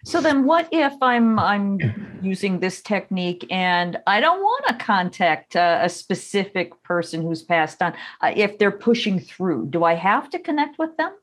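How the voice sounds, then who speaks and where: A woman's voice: mid-range voice, sing-song, measured pace, few pauses. A woman interviewing a guest, asking curious questions in a conversational way.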